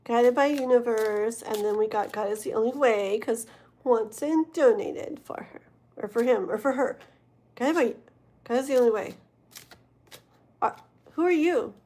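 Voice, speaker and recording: A young woman on a late-night tarot livestream, sounding tired as she rambles and giggles with her viewers. Her voice sits a little higher than most women's, and she drifts loosely from one thought to the next. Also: a little slow, long pauses, dark tone. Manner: rambling, giggly, talks to chat. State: tired, yawning. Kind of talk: casual livestream chat.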